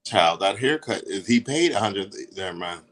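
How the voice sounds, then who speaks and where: Co-host type: sassy, profane man with a very expressive, swooping delivery. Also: on the low side, moderate pace. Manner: sassy, animated, profane banter. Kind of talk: casual chat.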